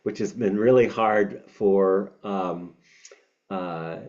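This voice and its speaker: A fairly low-voiced man gives a reflective teaching talk, pausing often on fillers and starting over. His tongue is bitten, so a few words sound a little off. The recording is slightly dull and lo-fi. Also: darkish tone. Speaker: meditation teacher.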